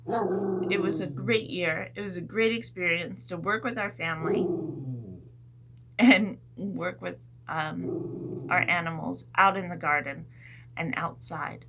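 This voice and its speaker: Teacher lady reading a kids story, slow and gentle, animated, does little sound effects. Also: medium pitch, noisy background. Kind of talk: storytelling to young children.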